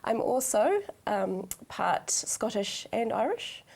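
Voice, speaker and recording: A woman with a New Zealand accent, chatting as a panel guest in a friendly, unhurried way. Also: a little high, big pitch swings, vocal fry, darkish tone, slightly rough. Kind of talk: casual panel chat.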